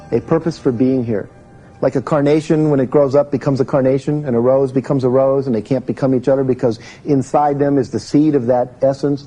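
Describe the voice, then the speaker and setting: A man addresses a crowded room at a live self-help seminar, asking questions and speaking in a relaxed, conversational way. His voice is warm and medium in pitch, captured on a low-quality recording.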